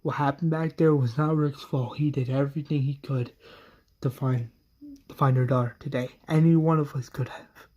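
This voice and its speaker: A man's voice: mid-range voice, steady tone, moderate pace, dark tone, muffled recording, natural voice. A man voicing a protective survivor who firmly defends his friend. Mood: defensive. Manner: firm, defensive. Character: firm protective man, adult.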